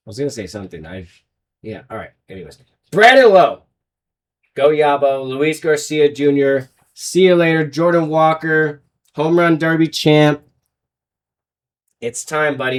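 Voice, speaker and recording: A man's voice: mid-range voice, distant mic. A man hosting a sports betting show, running through his picks in a hyped, rambling, jokey way. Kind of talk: casual betting picks talk.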